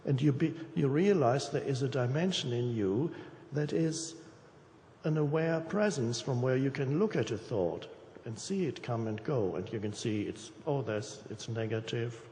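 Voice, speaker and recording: A man, a spiritual teacher, speaking in a slow, measured, deliberate way in conversation. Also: medium pitch, warm tone. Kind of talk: reflective conversation. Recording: echoey hall, faint noise.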